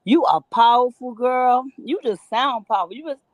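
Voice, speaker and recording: A woman's voice: a little high, normal speed, no echo. A woman co-hosting a talk show on a video call, chatting in an effusive, enthusiastic way. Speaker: co-host. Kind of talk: casual chat.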